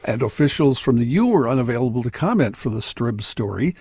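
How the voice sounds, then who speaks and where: Husky-voiced male radio news reader. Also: medium pitch, no room sound, clean studio sound. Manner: steady, measured news delivery. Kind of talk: reading news items on talk radio.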